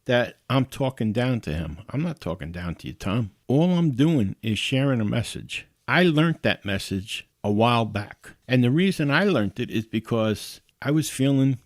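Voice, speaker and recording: A man's voice: mid-range voice, animated, a little slow, hardly any pauses, no room sound, clean studio sound. A man hosting a podcast, telling a personal story in a casual, conversational way and chuckling now and then. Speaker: podcast host.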